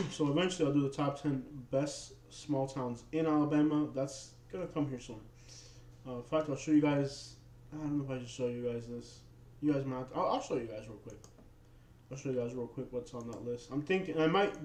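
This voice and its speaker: A man with a slight New York-tinged accent hosting a casual livestream chat, rambling in a relaxed way with lots of fillers and restarts. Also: mid-range voice. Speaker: livestream host. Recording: roomy echo.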